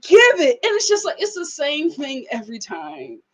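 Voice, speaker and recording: A woman's voice: high-pitched, huge pitch swings, normal speed. A woman doing a live review of a reality TV episode, telling it dramatically and breaking into laughter.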